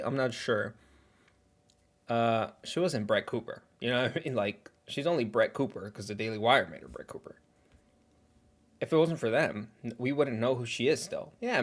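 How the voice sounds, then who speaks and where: A man hosting a casual livestream reaction who rambles in a chatty way and talks while eating. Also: mid-range voice.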